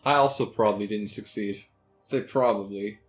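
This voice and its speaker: A man's voice: lowish voice, moderate pace, faint music behind. A man playing a tabletop game, casually describing what his character does. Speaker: player.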